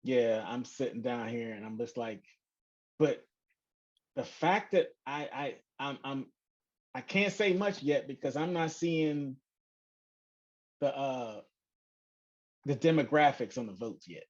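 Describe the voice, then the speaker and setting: A man in casual podcast chat, with an easygoing, drawn-out delivery. The sound is muffled and lo-fi, with a dull top end. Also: mid-range voice. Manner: loose, conversational, drawn-out phrasing. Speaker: podcast co-host.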